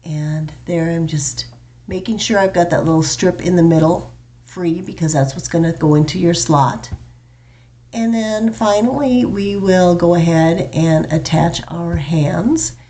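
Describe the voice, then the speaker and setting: A woman's voice: fairly low pitch, unhurried. A woman talking through a painting and gluing craft project step by step as a tutorial voice-over. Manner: relaxed, explains each step plainly.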